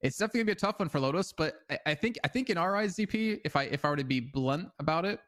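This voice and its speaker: A man's voice: on the high side, lively intonation, very fast, fairly bright tone. A man co-casting an esports match, giving casual analysis full of hedges like "I mean.". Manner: casual, hedging with fillers like "I mean". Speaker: esports co-caster.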